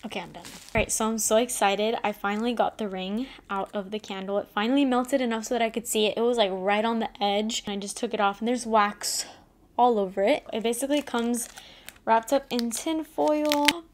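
Young woman vlogger gushing over an unboxing, kinda high voice, says like a lot. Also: brisk, background noise. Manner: gushing, excited, lots of "like". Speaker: beauty vlogger. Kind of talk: casual unboxing vlog.

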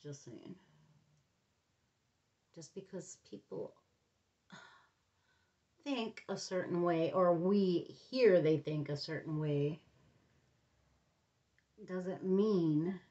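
A woman's voice: fairly low pitch, very slow, long pauses, dark tone, lo-fi sound. A middle-aged woman giving a casual makeup review, chatty and rambling, often muttering to herself under her breath. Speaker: beauty vlogger.

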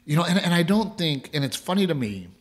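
The speaker, a male podcast co-host, has a fairly high pitch with big swings and a quick pace. He rambles casually through a family story, stumbling into restarts, repeating words and laughing.

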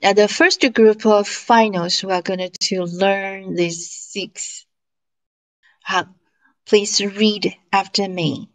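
Female teacher, very slow and deliberate delivery, online class. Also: medium pitch, fairly even intonation. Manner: slow, deliberate, drawn-out demonstration of sounds. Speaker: Mandarin teacher. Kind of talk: slow online language lesson.

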